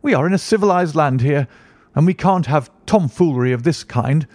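A man's voice: on the high side, expressive, moderate pace, a little mellow, dry recording. A man voicing a stubborn, blustering older father who waves off worries dismissively. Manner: dismissive and obstinate.

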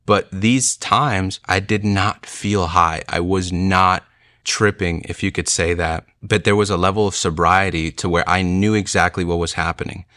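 A young man recounts his personal testimony in an earnest storytelling manner. His voice sits very low yet carries a bright, forceful edge. The sound is dry and close, with no room around it. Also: fairly even intonation, no room sound. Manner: earnest storytelling, speeding up and slowing down.

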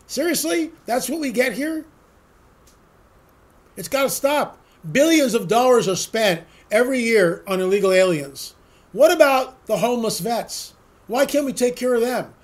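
A man with a notably high-pitched voice delivers a solo political commentary monologue. He rambles from point to point, leans on sarcastic rhetorical questions and repeats words for emphasis.

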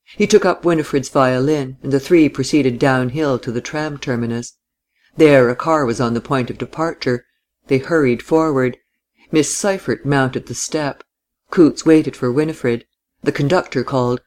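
A man narrating a classic novel as an audiobook, in a measured, steady reading. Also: mid-range voice.

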